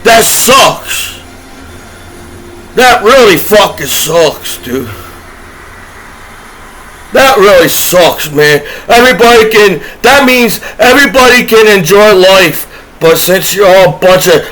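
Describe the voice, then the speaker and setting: High-voiced, bright man ranting. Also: animated, slow, a little hiss or hum, rough recording. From United States. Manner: aggrieved, profane, repetitive, trailing restarts. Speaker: disabled combat veteran vlogger. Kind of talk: rambling profane rant to camera.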